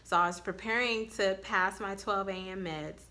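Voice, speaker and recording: A woman nurse gives casual advice straight to her viewers in a bright, forceful, medium-pitched voice at a moderate pace. She tells candid stories bluntly, swearing as she goes.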